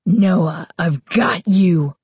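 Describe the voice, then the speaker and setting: A woman voicing a girl in a monster mask, speaking in a gruff, raspy, slow growl for a storybook reading. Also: fairly low pitch, a little mellow, dry recording, heavily acted. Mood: menacing.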